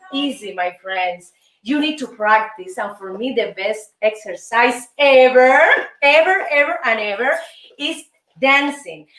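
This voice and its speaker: A woman's voice: sits high, a bit bright, roomy sound, recorded from a distance, low-quality recording. A woman from Cuba with a Cuban Spanish accent teaches a salsa dance lesson as host, counting beats and chanting rhythms.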